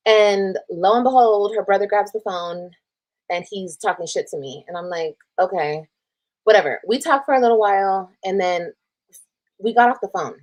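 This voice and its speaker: Speaking at a moderate pace in a mid-range, somewhat mellow voice, a woman from Texas recounts a personal drama on a laid-back livestream. She scrolls through old texts, reading them out, reacting and cursing freely along the way.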